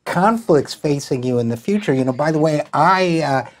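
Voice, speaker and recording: A man's voice: on the high side, lively intonation, normal speed. A middle-aged man from Utica, hosting an interview and asking long, musing, rambling questions. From Utica, New York. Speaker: host. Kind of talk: interview host conversation.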